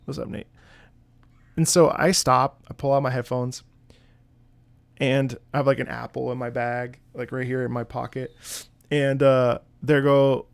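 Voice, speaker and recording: A man's voice: mid-range voice, level tone, measured pace, creaky, pauses often, smooth, no room sound. A man who streams and sings opera, telling a rambling story in casual chat with his audience, with lots of swearing and filler words.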